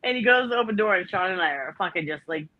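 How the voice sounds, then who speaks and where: A woman's voice: lowish voice, fast talker, dry recording, narrow, tinny audio. A woman from the Northeast telling a story in casual chat, swearing freely and acting out what people said. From Northeastern United States. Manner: swearing, storytelling, animated quotes.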